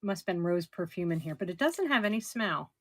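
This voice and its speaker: A middle-aged woman running a casual live auction, chatty and somewhat hoarse as she loses her voice. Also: fairly low pitch, animated, brisk. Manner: chatty, describes items warmly with soft laughs. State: losing her voice. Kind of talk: casual live-stream selling.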